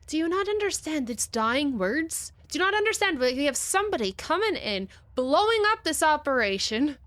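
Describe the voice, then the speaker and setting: A woman's voice: sits high, big pitch swings, normal speed, a bit bright, dry recording. Earnest woman playing a tabletop character. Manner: earnest, pleading. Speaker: player.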